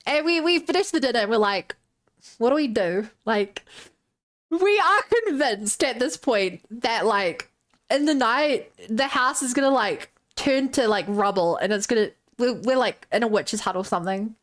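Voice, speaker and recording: A woman's voice: on the high side, lively intonation, normal speed, a bit bright. A woman streamer casually retelling a tabletop game session, chatty and loose with lots of filler words.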